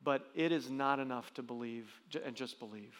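A man's voice: mid-range voice, a little fast, fairly bright tone, big-room sound. A man preaching a sermon as pastor, earnest, with frequent restarts and rising emphasis.

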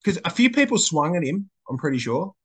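A young man chatting casually, his voice sitting a touch higher than most men's. He rambles through his stories with slang and plenty of restarts. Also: big pitch swings, brisk, breathy edge. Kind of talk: casual chat.

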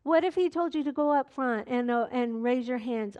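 A woman's voice: high-pitched, normal speed, hardly any pauses, a little mellow. A middle-aged woman pastor preaching a sermon, earnest and direct, putting questions to the congregation.

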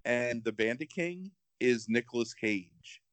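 A man's voice: mid-range voice, a little slow, dry recording. Rambling man in casual chat. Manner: rambling, animated, heavy on "like".

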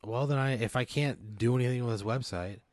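A man's voice: medium pitch, a little fast, darkish tone, no room sound, studio quality. A young man on a comedy podcast, reacting with mock despair and constant swearing as he plays along. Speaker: podcast co-host answering the hypothetical. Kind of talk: improvised comedic banter.

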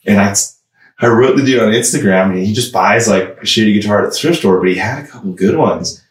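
A young man telling a wild story in casual chat, animated, swearing often, laughing and shouting out the outbursts he quotes. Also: fairly low pitch, quick pace, far from the mic. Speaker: musician guest. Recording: echoey room, voice a bit off-mic, background noise.

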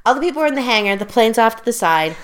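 A woman's voice: a little high, lively intonation, racing, a bit bright. A woman casually retelling a plot, rambling and correcting herself, laughing often and gesturing as she talks. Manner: talks with her hands while telling. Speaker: storyteller in a casual conversation.

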